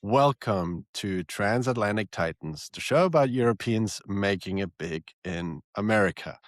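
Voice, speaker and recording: A man with a German-Dutch accent hosting a podcast interview, upbeat and a little halting. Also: fairly low pitch, expressive, no room sound. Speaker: podcast host, lawyer.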